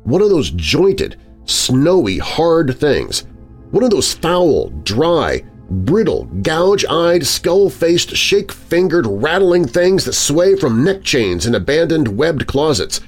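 With faint music underneath, a man tells a story in a dramatic audiobook style, slow and expressive, lingering on vivid words. His voice is a little high.

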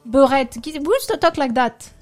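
High-voiced woman with a French accent. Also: moderate pace, soft background music. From France. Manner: animated storytelling. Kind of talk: casual chat.

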